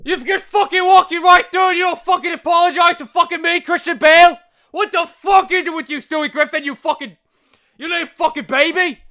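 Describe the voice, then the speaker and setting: A man impersonating a furious male movie star who shouts, swears and repeats himself over and over. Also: very high-pitched, fairly even intonation, brisk, voice pushed up, exaggerated voice. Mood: furious shouting.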